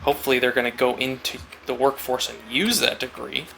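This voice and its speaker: A man's voice: medium pitch, steady tone, fairly quick, vocal fry, sharp tone, soft background music. A man talking casually and reflectively while carving wood, rambling through a story and acting out little conversations. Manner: rambling, storytelling, acts out quoted chats. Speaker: woodcarver vlogger.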